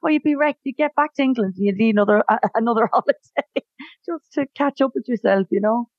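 A woman's voice: a little high, fast, no echo. Irish woman singer being interviewed, chatty, laughs a lot, kinda muffled dry sound. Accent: Irish, Tipperary. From Ireland. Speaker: guest, singer. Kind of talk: casual interview chat.

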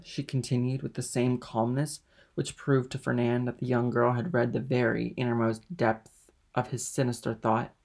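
A man reading a classic novel aloud in measured, steady narration. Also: mid-range voice, creaky. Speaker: audiobook reader. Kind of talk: audiobook narration.

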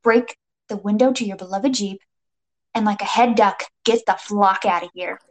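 A woman's voice: medium pitch, moderate pace. A woman narrating a comic second-person adventure story with playful, dramatic delivery and jokey asides.

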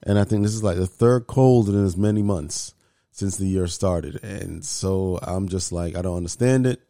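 Podcast host, man with a cold, hoarse and mellow, low, voice cracks, dry sound. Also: moderate pace, dry recording. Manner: voice cracks upward unpredictably; loose, joking, swears casually. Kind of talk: casual podcast chat.

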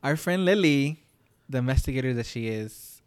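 Young male co-host, chatty storyteller, crisp tone, no room sound. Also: medium pitch, animated, normal speed, no echo. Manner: rambling, heavy use of "like", swears. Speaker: podcast co-host. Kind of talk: casual storytelling chat.

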